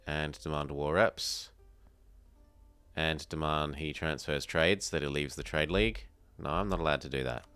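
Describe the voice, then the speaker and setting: Australian man, low voice, smooth and clear, dry close sound, chatty gameplay streamer. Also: fairly even intonation, moderate pace, bright, forceful tone, no room sound, faint music behind. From South Australia. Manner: chatty, thinks aloud and answers chat. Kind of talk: casual live gameplay commentary.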